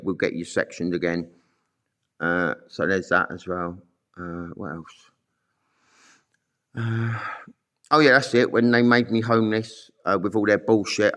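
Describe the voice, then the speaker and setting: Middle-aged man, lowish voice, blunt and sweary, rambling monologue. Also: a bit bright. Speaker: vlogger telling his own story. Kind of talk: angry monologue to camera.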